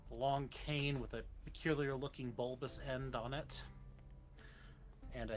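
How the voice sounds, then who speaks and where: A man chatting casually on a podcast, hesitant and halting as he talks about his game character. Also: medium pitch, a bit bright. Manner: hesitant, full of restarts and laughs. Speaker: podcast co-host and player. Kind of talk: casual chat.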